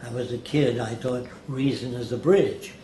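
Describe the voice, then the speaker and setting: With a mid-range voice and moderate pace, a man recounts stories as an interview guest, a lively teller who performs the quoted voices. The space sounds echoey, with a faint hiss.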